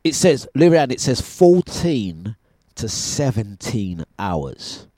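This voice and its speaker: A man's voice: mid-range voice, takes it slowly, no room sound, studio quality. Chatty man hosting breakfast radio. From United Kingdom. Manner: chatty, animated storytelling with laughs. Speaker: radio breakfast show host. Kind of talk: casual on-air chat. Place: radio studio.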